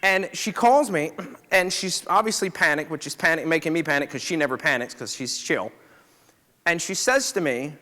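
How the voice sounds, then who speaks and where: Man, slightly high voice, forceful and bright, storytelling to an audience, echoing hall. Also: moderate pace. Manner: conversational, checks in with the audience. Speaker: chiropractor. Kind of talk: storytelling talk to a live audience.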